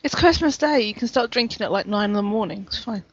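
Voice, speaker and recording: A woman co-hosting a podcast in a relaxed, casual chat, laughing easily. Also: on the high side, quick pace, dry recording, muffled recording. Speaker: podcast co-host.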